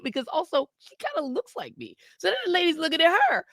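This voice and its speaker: Animated woman telling a story. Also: sits high, quick pace, hardly any pauses, no room sound, clean studio sound. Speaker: podcast co-host. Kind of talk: casual storytelling chat.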